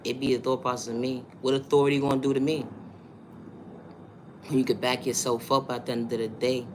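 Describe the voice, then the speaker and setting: A man's voice: mid-range voice, flat delivery, brisk, noisy background. A man with a New York accent, talking through a monologue vlog in an emphatic, repetitive way and asking rhetorical questions.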